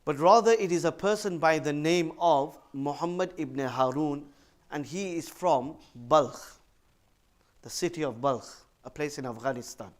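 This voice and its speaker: A man's voice: fairly high pitch, measured pace. A male religious teacher in a mosque gives an earnest storytelling sermon, reciting Arabic phrases and putting questions to his listeners.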